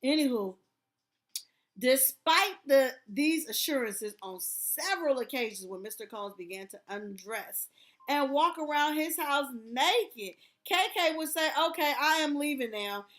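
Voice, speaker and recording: A woman's voice: high-pitched, a little slow, fairly bright tone. A woman host reading court documents aloud, breaking off often to laugh and exclaim. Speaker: commentary channel host.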